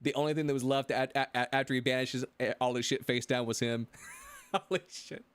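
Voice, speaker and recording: A man's voice: mid-range voice, fairly even intonation, brisk, smooth. A male streamer telling a rambling story in casual chat, stammering and repeating himself as he goes.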